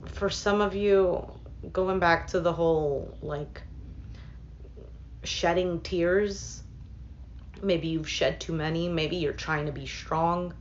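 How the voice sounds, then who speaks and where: A woman's voice: on the low side, slow pace, pauses often, lo-fi sound, a little hiss or hum. A woman reading tarot cards for her viewers in a casual, thinking-aloud way, with many fillers and asides. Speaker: tarot reader.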